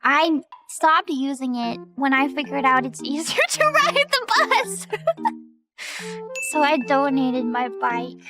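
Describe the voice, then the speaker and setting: A woman's voice: sits high, steady tone, slow, music in the background. A young woman streamer telling stories in casual chat, giggling often as she talks. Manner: giggly, laughs often while talking.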